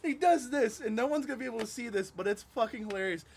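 A man telling a story in a casual podcast chat on a porch, animated and profane, often laughing as he talks. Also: extremely high pitch, fast talker, gravelly. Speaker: podcast panelist and stand-up comic. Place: home porch, outdoors.

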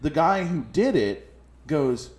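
A man on a podcast in casual chat, telling an animated, profane story full of quoted voices. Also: on the high side, takes it slowly. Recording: echoey room.

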